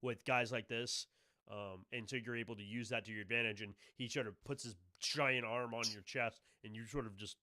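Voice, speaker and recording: A man narrating a tabletop game as game master, talking in a halting way with many restarts. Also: medium pitch, steady tone, bright, forceful tone, dry recording, studio quality. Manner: halting, full of fillers and restarts.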